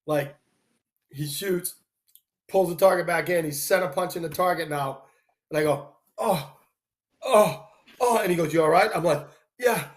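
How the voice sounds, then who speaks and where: High-voiced man telling animated stories. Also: moderate pace. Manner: animated storyteller, acts out quoted people. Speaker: live stream host. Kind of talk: casual storytelling chat.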